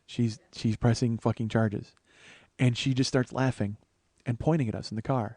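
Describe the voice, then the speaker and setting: A man in his forties telling a profane, animated comic story on his podcast. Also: mid-range voice, no echo. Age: 40s. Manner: profane, animated, quick asides. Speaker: comedian podcast host. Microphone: studio microphone he adjusts.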